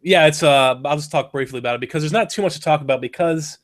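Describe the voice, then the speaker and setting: A man's voice: a little high, quick pace. A man co-hosting a casual podcast, with a nasal, congested voice because he is sick. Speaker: podcast co-host. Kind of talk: casual chat.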